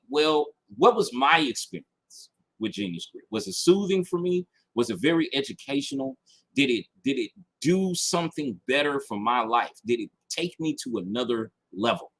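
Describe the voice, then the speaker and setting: Reading review passages aloud before dissecting them, a man leads a casual online marketing class. His mid-range voice has a fairly bright tone, and he stays emphatic, restates his main points, and keeps checking on his audience.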